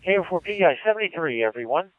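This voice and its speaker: A man's voice: on the high side, very animated, rapid-fire, no echo. A man on a ham radio link, chatting and enthusiastically explaining his satellite equipment. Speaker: ham radio operator on air. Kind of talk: casual radio chat. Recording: tinny radio transmission.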